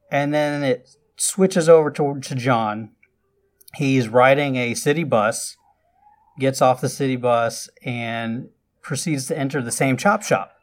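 A man in casual chat, retelling a movie scene by scene in a rambling way, with restarts and quoted lines. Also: mid-range voice.

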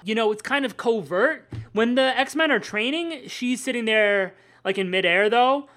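A woman co-hosting a casual comics podcast, animated, swearing freely and acting out quotes in funny voices. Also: on the high side, unhurried. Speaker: podcast co-host. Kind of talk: casual chat about comics.

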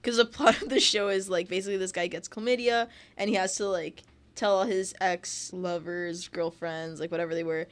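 A woman's voice: on the low side, fairly even intonation, a little fast. A young woman in casual chat, talking about TV shows with many fillers and frequent laughter. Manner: chatty, lots of "like" fillers, laughs often.

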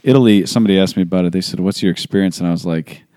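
A man's voice: low voice, very fast, dark tone, no room sound, studio quality. A young man hosting a podcast, telling rambling, self-deprecating stories in casual chat. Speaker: podcast host.

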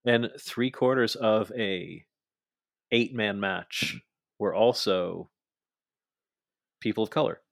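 A young man talks through a wrestling card with a chatty, animated energy. His voice sits low, and the room sounds dry and close. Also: takes it slowly, creaky, pauses often, no echo. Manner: chatty, animated, acts out quoted lines. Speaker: podcast co-host. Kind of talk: casual wrestling recap chat.

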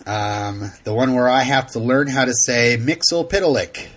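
A man's voice: medium pitch, lively intonation, slow, fairly bright tone, a little hiss or hum. A man co-hosting a casual chat, rambling with frequent ums and light laughs. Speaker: podcast co-host.

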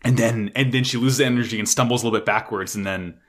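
A man excitedly recapping an anime episode in casual chat, swearing often and gushing like a fan. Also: mid-range voice, fast talker.

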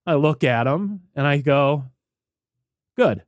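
A man's voice: mid-range voice, measured pace, no echo, clean studio sound. A man on a podcast telling a story in casual chat, acting out the voices in it. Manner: animated, acts out voices in quotes. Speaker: podcast co-host.

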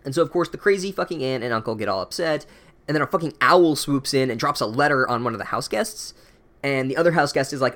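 A man's voice: medium pitch, fairly quick, a bit bright. A young man recapping a book chapter with sarcastic, profane comedy and mock-academic asides.

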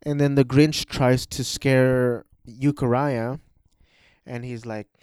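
Slow, rambling male reviewer. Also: medium pitch, fairly even intonation, a little mellow, smooth, no echo, clean studio sound. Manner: rambling, hesitant, with restarts. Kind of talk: casual spoken review.

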